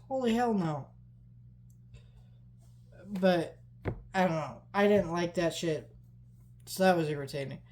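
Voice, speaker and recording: A woman's voice: fairly low pitch, darkish tone. A young woman casually telling rambling, profane stories to her camera as a movie vlogger. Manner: rambling, profane, frequent fillers. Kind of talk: casual storytelling vlog.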